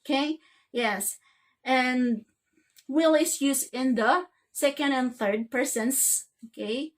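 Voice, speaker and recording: A woman's voice: sits high, slow. A woman teaching an English grammar lesson, checking in with "okay?" after nearly every phrase.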